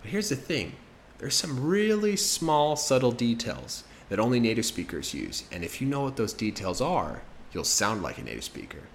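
A man with a fairly low voice teaches English in a podcast lesson. His pitch swings widely as he demonstrates sounds. The recording is roomy and echoey, with faint noise behind. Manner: expressive, demonstrating pronunciation.

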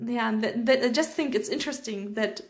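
A woman's voice: a little high, brisk, roomy sound. A young woman from Germany with a German accent, chatting casually as a podcast co-host and laughing often. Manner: easy-going, laughs often, fillers like "like". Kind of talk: casual chat.

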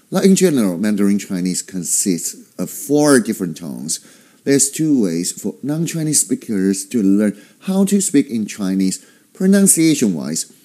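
A man hosting a casual language lesson, explaining slowly and deliberately with playful asides. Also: fairly low pitch, mellow. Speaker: host teaching basic Chinese.

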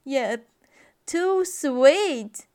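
A woman's voice: sits high, lively intonation, very slow, darkish tone, dry recording, studio quality, full character voice. A woman voicing a fussy little girl in a storybook reading, complaining in a whiny tone.

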